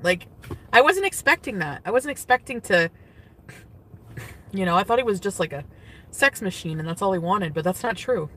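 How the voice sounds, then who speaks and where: In a casual livestream, a young influencer rambles to her viewers, saying "like" constantly and restarting sentences that trail off. She talks at a normal speed with lively intonation and frequent pauses, her medium-pitched voice bright and forceful over slight background noise.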